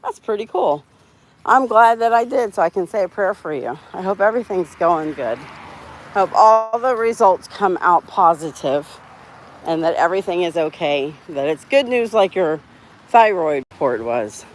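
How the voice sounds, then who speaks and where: A woman's voice: lowish voice, lively intonation, normal speed, a little hiss or hum. Chatty woman walking her dogs outdoors. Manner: chatty, reads out viewer comments, laughs often. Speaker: dog channel host. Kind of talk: casual live stream chat while walking dogs. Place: outdoors on a sidewalk.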